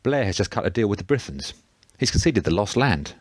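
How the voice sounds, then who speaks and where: Big blunt working man, low and brusque, voiced by a male narrator. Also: very animated, fairly quick, no room sound, studio quality. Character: big sturdy blunt man, quick to anger.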